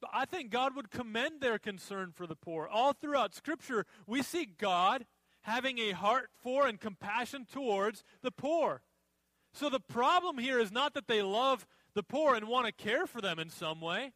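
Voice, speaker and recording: A man's voice: very high-pitched, expressive, moderate pace, bright, forceful tone, dry recording, poor audio. A man preaching a sermon in a conversational way, often acting out the reactions of people in the story. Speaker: pastor.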